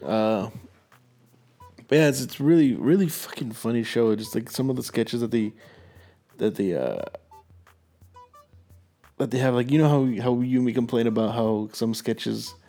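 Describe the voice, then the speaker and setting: A man's voice: mid-range voice, animated, normal speed, long pauses, warm tone, soft background music. Rambling, swearing young man. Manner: rambling, swears a lot, laughs while telling stories. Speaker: podcast co-host. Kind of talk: casual chat.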